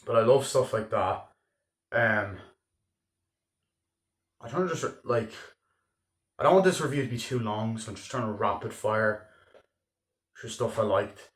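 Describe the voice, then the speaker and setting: Excitable young man reviewing a film. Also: lowish voice, measured pace, pauses often. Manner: excitable, swearing, acts out scenes with raised voice. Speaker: movie reviewer. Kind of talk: casual spoken film review. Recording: echoey room.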